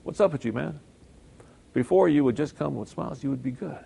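A man preacher voicing an ancient king who is puzzled and blunt, speaking casually with slow, exaggerated surprise. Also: medium pitch, vocal fry, dark tone, breathy edge.

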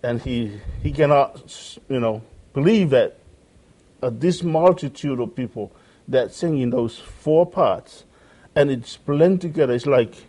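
A man delivering a sermon with a mellow, warm-toned voice. He speaks earnestly, circling back to repeat phrases as he quotes scripture. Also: mid-range voice, expressive, measured pace. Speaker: preacher.

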